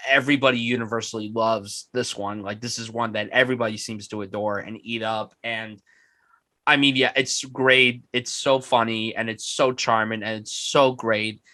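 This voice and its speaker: A man's voice: lowish voice, fairly even intonation, moderate pace, sharp tone, dry recording. A man hosting a casual film podcast, talking with enthusiasm and plenty of swearing. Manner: enthusiastic, profane, puts on mock voices. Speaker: podcast host.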